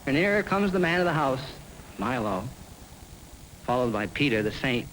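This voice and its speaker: A man narrates a film in loose, improvised spoken word. He riffs rhythmically from one picture to the next. His voice sits at a middling pitch over a faint background hiss. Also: big pitch swings, moderate pace, long pauses, fairly bright tone, poor audio. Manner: rhythmic, riffing, free-associating.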